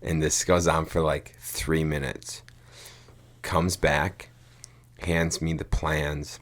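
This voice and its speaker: A podcast co-host with an extremely low voice speaks slowly and in a level tone. In casual chat he tells a rambling story, swearing casually and saying "dude" and "like" a lot.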